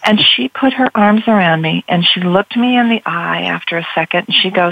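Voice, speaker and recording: Low-voiced woman telling her story on radio. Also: moderate pace, gravelly, hardly any pauses, no echo. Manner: animated storytelling. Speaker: guest. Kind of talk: radio interview. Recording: dull lo-fi radio sound.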